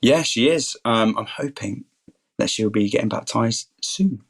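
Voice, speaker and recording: A man's voice: fairly low pitch, a little slow, vocal fry. Eager young man telling faith stories. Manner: enthusiastic, keeps saying things are awesome. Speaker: podcast guest, student and rugby player.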